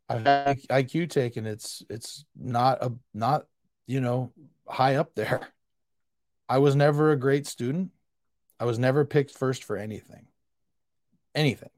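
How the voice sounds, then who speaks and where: A man's voice: fairly high pitch, a little mellow, dry recording, clean studio sound. A man hosting a solo podcast, answering a listener with intense, emphatic tough love that comes across as a bit frustrated. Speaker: podcast host. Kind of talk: solo podcast pep talk.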